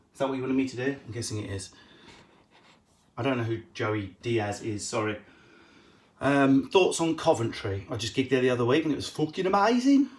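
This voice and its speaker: A man's voice: medium pitch, fairly bright tone. A man, a comedian, answering viewer questions at home in a casual, cheeky, sweary way. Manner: cheeky, sweary, quick-witted. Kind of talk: casual live Q&A.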